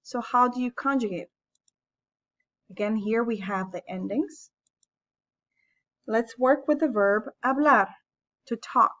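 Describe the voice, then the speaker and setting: Slow, patient woman teacher. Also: fairly high pitch, fairly bright tone, muffled recording. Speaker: Spanish teacher. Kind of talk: classroom lesson narration.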